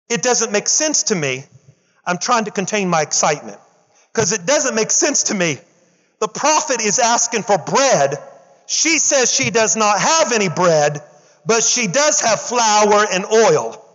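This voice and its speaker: A male pastor preaching an animated sermon, acting out the story's characters in casual slang and calling on the congregation to respond. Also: high voice, measured pace, long reverb tail, dull audio. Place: church.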